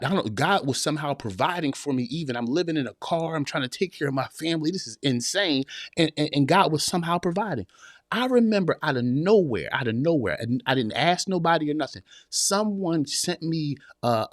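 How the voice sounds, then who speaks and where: This podcast host has a somewhat high voice, captured in a dry, studio-quality recording. Giving a forceful pep talk, he repeats himself for emphasis and often checks in with listeners: "y'all hear me?"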